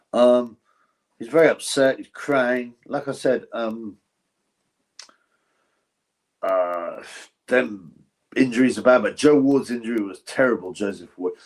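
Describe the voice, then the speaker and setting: A man hosting a live stream, giving blunt, ranting commentary on a boxing event and reading out viewer donations. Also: mid-range voice. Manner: blunt, ranting, chuckling asides; reads viewer donations aloud. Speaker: livestream host.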